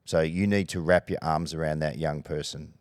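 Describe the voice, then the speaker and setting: A middle-aged Australian man, a former football coach, telling lively anecdotes on a podcast and acting out the voices he quotes. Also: a bass voice, normal speed, no echo. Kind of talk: podcast storytelling.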